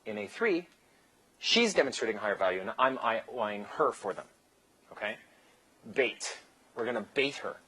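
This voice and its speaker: Husky-voiced man teaching a seminar. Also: medium pitch, expressive, normal speed, pauses often, bright, forceful tone, rough recording. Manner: loose, joking, acts out dialogue, swears casually. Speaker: seminar instructor. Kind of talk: live lecture with anecdotes.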